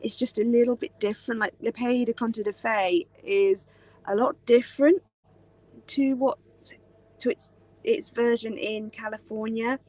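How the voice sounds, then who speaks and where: A woman's voice: on the high side, fairly even intonation, a little slow, darkish tone. A young British woman chatting casually on a live stream, rambling with many fillers. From Britain. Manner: rambling, many ums and likes. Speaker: live chat host.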